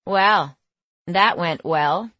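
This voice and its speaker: A woman's voice: fairly low pitch, very slow, fairly bright tone, no echo, heavily acted. A woman narrator voicing a wry young woman who speaks dryly and sardonically. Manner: dry, sardonic.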